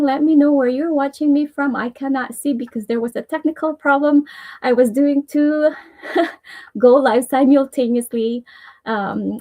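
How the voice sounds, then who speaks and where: A Filipino woman from the Philippines hosts a casual live stream, chatty and earnest as she shares personal affirmations, rambling a bit with restarts and small laughs. Her voice is fairly high with a darkish tone, and the audio is poor.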